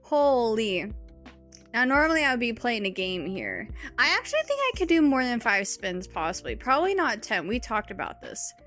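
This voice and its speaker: A woman's voice: a little high, sing-song, normal speed, fairly bright tone, soft background music. Giggly woman streamer chatting. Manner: giggly, playful, self-mocking. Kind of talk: casual live-stream chat.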